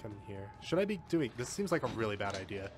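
A man streaming a game, commenting live, swearing often and breaking into panicked yells and laughter at a computer. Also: medium pitch, very animated, fast, noisy background. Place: at a computer, keyboard and mouse.

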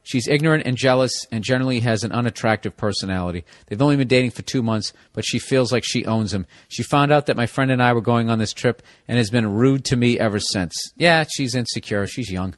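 A blunt, foul-mouthed male podcast host rants comic advice at a listener, his voice sitting in a middle register. He keeps swearing and hammering his points home with loud, emphatic bursts. The sound is close and dry, with no room echo. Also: mid-range voice, a little fast, hardly any pauses. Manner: profane, blunt, rising to loud emphatic outbursts. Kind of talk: comedic advice rant reading a listener letter.

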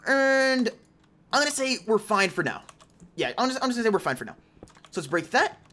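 Here a young male YouTuber narrates his own game in real time, ribbing the other players while talking to his audience and himself. His voice is very high and sharp, with big swings in pitch and a slightly fast pace.

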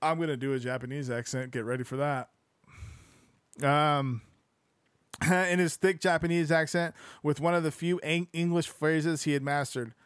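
A young man with a fairly high voice reads a book aloud in a loose, casual way, swearing freely and dropping joking asides between passages. The sound is dry and close, with almost no room around it. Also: fairly even intonation, normal speed, smooth, no echo. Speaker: podcast host reading a book aloud.

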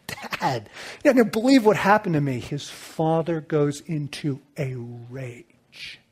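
A middle-aged man telling a personal story as a sermon, swinging between loud bursts and hushed low lines. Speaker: Christian author and speaker.

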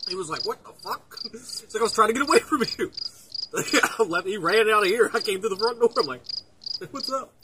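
A man's voice: sits high, expressive, quick pace, very noisy. A man chatting casually in a vlog, rambling and telling crude jokes. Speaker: vlogger.

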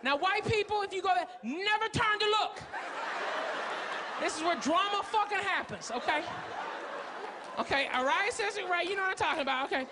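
A male stand-up comedian telling a loud, profane story on a club stage into a handheld mic, recorded live with the audience. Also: very high voice, animated, moderate pace, long pauses, a crowd in the background, noisy background.

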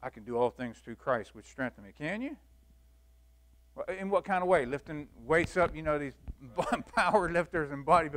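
A man teaching a church Bible lesson in a folksy, animated way, acting out the scenes he tells. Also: a little high, normal speed. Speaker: Sunday school teacher.

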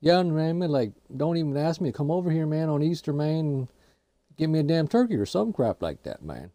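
A man's voice: a little high, very animated, fairly quick, dark tone, no room sound. A man voicing a laid-back redneck buddy who rambles and ends every phrase with "man". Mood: rambling. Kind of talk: gameplay commentary banter.

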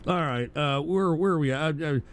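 Flustered guy hosting a live stream, high gravelly voice swinging all over, cussing out chat. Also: a little fast, a little hiss or hum. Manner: exasperated, swearing, flustered. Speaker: livestream radio show host. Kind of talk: profane live stream rant.

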